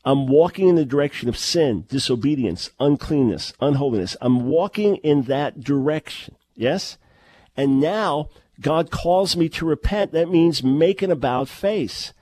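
A man's voice: on the high side, animated, unhurried, darkish tone, no echo. A middle-aged man preaching a sermon, emphatic and full of rhetorical questions, often restarting his words. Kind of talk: sermon-style teaching.

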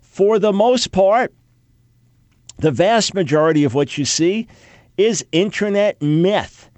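A man's voice: high-pitched, animated, a little mellow, no room sound. A man with a PhD in Semitic languages explaining how Hebrew names and words changed, talking emphatically and mocking opposing claims. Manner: emphatic, quick asides with mocking quoted objections. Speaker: Bible scholar. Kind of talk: lecture-style talk.

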